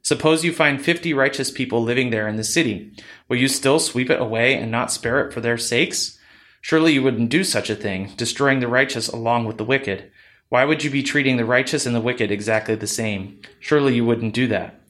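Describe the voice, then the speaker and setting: A man's voice: mid-range voice, a little fast, a bit bright, natural voice. A man reading the part of Abraham, a very old man pleading earnestly.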